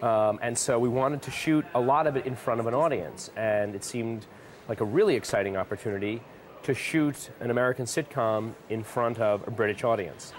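A man recalling the production in a measured behind-the-scenes interview. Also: mid-range voice. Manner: reflective, measured. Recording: noisy interview recording.

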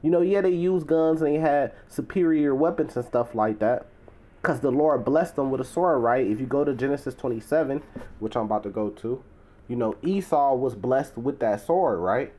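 A man's voice: medium pitch, normal speed, mellow. A man teaching from the Bible in a casual, conversational way. He leans on "you know" and "right?" and swells into emphatic, preacherly stresses.

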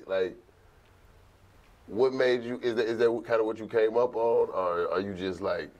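A man co-hosting a show, joking in animated casual chat. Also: fairly low pitch, moderate pace, highs cut off. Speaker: co-host.

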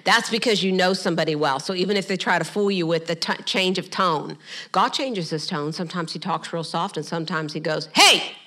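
A middle-aged woman pastor preaching a sermon, animated, with humorous asides and quick acted-out quotes. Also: on the low side. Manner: acts out quoted voices in passing.

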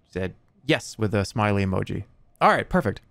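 A man streaming from his room at home, chatting casually in a joking, excitable way with sudden loud outbursts. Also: on the low side, fast, creaky, no room sound. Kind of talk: casual live-stream chat.

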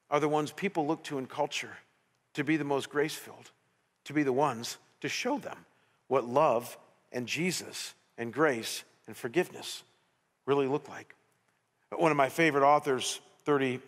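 A middle-aged male pastor telling a story in a sermon, animated, with many restarts. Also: medium pitch, big-room sound. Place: church sanctuary.

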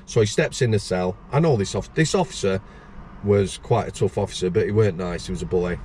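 Here the former prison officer turned host talks fast in a low, darkish voice, with a little hiss or hum in the background. This middle-aged man spins meandering anecdotes as casual storytelling chat, restarting often and imitating other people's voices.

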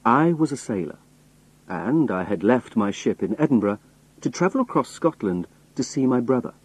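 A man reading a novel aloud in first person with slow, careful, expressive storytelling. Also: medium pitch, slightly rough, low-quality recording. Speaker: audiobook narrator.

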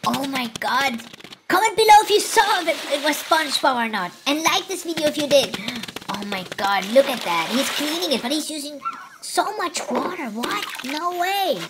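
High, lively excitable woman reacting. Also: normal speed, very noisy. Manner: excitable, gasping and laughing, constant exclamations. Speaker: reaction video host. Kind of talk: reacting to funny clips. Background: clip sound and music playing.

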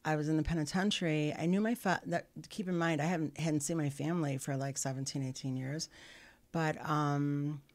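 A middle-aged woman, a podcast guest, telling her life story candidly, earnest and halting with frequent restarts. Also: low-pitched, steady tone, darkish tone.

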